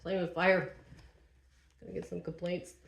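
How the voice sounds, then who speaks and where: A woman's voice: fairly low pitch, flat delivery, unhurried, creaky. A woman vlogger narrating casually to herself as she assembles furniture, chatty and self-deprecating.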